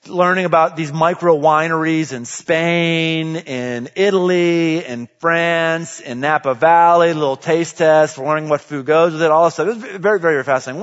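A man preaching a sermon as a pastor, animated, moving between quiet passages and loud emphatic ones. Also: medium pitch. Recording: dull audio with long hall reverb.

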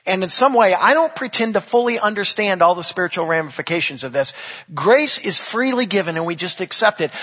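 A man's voice: high-pitched, fairly bright tone, slightly rough. A man preaching a sermon as a pastor, in a conversational way with jokes and asides, recorded in an echoey church on a dull lo-fi recording. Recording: echoey hall, dull lo-fi sound.

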